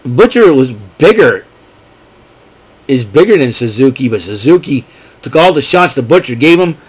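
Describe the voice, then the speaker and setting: A man hosts his own wrestling recap show, talking alone in a loose, casual way. He rambles, wanders into asides and fills pauses with lots of ums. His voice sits at an ordinary mid-range pitch. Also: very animated, breathy edge, rough recording. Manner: rambling, chatty, with frequent fillers and asides. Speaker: show host.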